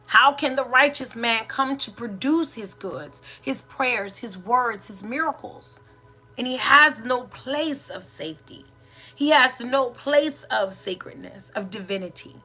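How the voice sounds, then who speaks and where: A woman, a doula and mother, hosting a reflective spiritual monologue, asking many rhetorical questions with pauses and restarts. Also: on the high side, pushed and bright, slightly rough, soft background music. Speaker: podcast host and doula.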